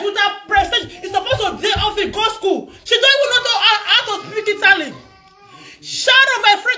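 Give me a woman arguing on a live video. Her voice is very high and sharp, and she laughs as she scolds. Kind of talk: heated live-stream argument.

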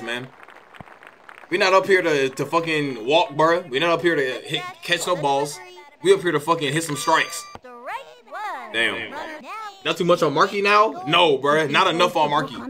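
A man doing casual, excitable commentary over a baseball video game, swearing and trash-talking his own players. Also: on the high side, moderate pace, pauses often, a little hiss or hum. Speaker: gaming YouTuber.

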